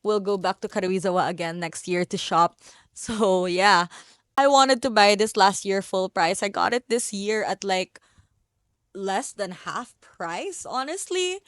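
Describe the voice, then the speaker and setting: A young Filipino-accented woman talks in a bubbly, gushing way. Her voice is smooth and clear, and the sound is close and dry with no room around it. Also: mid-range voice, expressive, measured pace, fairly bright tone, dry recording. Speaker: vlogger. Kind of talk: casual haul vlog.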